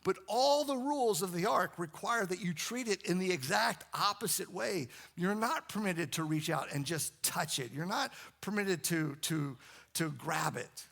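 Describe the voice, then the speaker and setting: A man's voice: high voice, lively intonation, unhurried, creaky, a bit bright. A man preaching a sermon, repeating phrases and building emphasis as he goes. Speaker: pastor.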